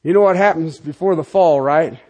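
Middle-aged pastor guy preaching, husky, kinda high voice, really emphatic. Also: brisk. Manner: emphatic, swings between loud and quiet asides. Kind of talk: sermon.

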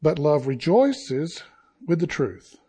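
Slow, deliberate preaching man. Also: a little high, sing-song, mellow, husky. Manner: slow, deliberate preaching with dramatic pauses and sudden rises. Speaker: pastor. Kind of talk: sermon.

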